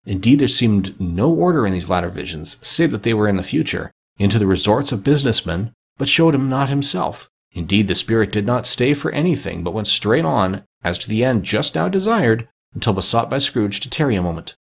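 A man reads classic fiction aloud in a measured, expressive way. His voice is low and gravelly, with a husky grain. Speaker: narrator. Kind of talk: audiobook reading of classic fiction.

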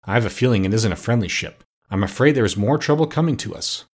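A man with a husky voice voicing an anxious, knowing female duck in a storybook reading. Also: lowish voice, lively intonation, fast. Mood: worried. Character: fussy, worried female duck housekeeper.

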